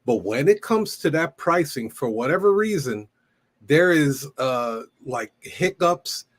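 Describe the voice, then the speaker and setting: Slow-speaking man hosting a chat. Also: a little high, expressive. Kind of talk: casual interview chat.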